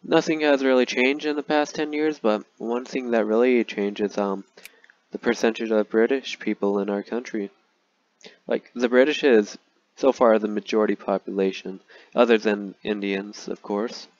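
A young man casually commenting on a strategy game he is playing, rambling and joking in a deadpan way with lots of fillers. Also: lowish voice, moderate pace, no echo, lo-fi sound. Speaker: gaming YouTuber.

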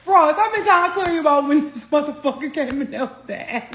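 A woman's voice: sits high, fast. Profane New woman ranting on livestream. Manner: profane, animated storytelling. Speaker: livestream host. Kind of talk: casual livestream rant. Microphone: phone. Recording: roomy echo.

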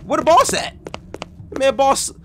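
High, excitable young man gaming. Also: measured pace, background noise. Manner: jumpy and loud, yelling and trash-talking. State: out of breath. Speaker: gaming YouTuber. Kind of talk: excited horror game commentary.

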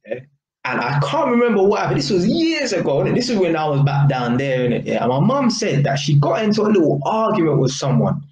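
Talking fast in a slightly high, mellow voice with big pitch swings, a young London vlogger rants casually at the camera. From England, he uses heated street slang and keeps saying "innit," recorded in an echoey room with faint ambience.

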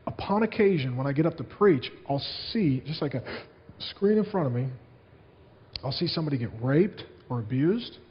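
A man preaching from the pulpit in a fairly high voice, earnest and storytelling as he speaks to his congregation. The sound comes from a dull, lo-fi archive recording of the sermon. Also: expressive, normal speed, big-room sound. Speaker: pastor.

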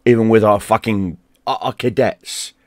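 A man ranting in a heated, profane monologue, dropping to a mutter and then bursting out loud. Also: moderate pace, dry recording. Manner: heated and profane, swings between low mutter and loud outbursts. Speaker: gaming YouTuber.

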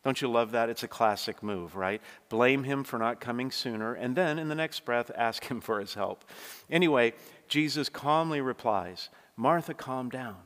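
A man's voice: medium pitch, normal speed. Preaching man in a reverberant church. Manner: earnest preaching, dynamic swings from hushed to forceful. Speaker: pastor. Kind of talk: sermon.

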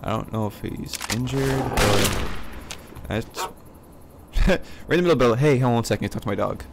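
A man's voice: mid-range voice, lively intonation, moderate pace, noisy background. A man giving rambling let's play commentary, swearing and breaking into jumpy outbursts, with game music behind him. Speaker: gameplay commentator.

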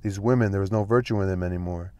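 A man's voice: deep voice, fast, warm tone, close to an everyday voice. A man reading the part of a fretful paisano who speaks acidly and disapprovingly. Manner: acid, disapproving questions.

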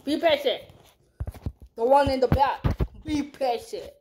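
A woman's voice: high-pitched, unhurried, background noise. A young woman chatting casually in a storytime vlog, rambling and slangy, swearing freely, talking into a headphone mic at home. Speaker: vlogger.

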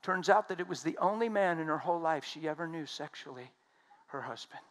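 A man preaching a sermon, telling stories emphatically and swinging between loud and hushed speech. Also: on the high side, a little fast.

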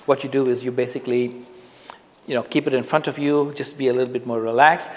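A man teaching public speaking to the camera in a relaxed, conversational way, often repeating phrases for emphasis. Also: medium pitch, fast, big-room sound. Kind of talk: casual on-camera lesson. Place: indoors, filming himself on camera. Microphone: camera mic, speaking to camera.

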